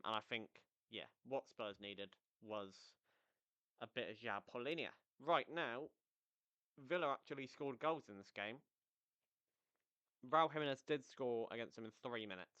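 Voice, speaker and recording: Energetic man, smooth voice. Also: mid-range voice, normal speed, dry recording, lo-fi sound. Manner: energetic, rambling with tangents. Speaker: football podcast host. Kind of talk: casual solo football recap.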